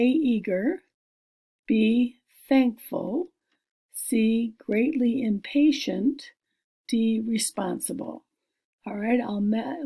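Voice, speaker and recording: Slow, gravelly-voiced woman teacher. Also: a little high, dark tone. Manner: patient, explains step by step, thinking aloud. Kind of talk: recorded reading lesson.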